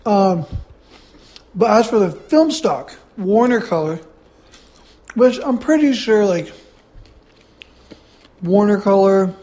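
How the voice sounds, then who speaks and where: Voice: medium pitch, animated, takes it slowly, long pauses, dark tone. A podcast host rambling through a blunt, profane solo movie review while eating.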